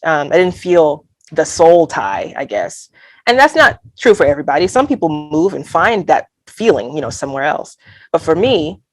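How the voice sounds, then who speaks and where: With a deep voice and no audible room, a woman from Alabama talks as a guest poet. The interview is reflective and conversational; she's frank and sincere, breaking into light laughs and quoting her inner thoughts.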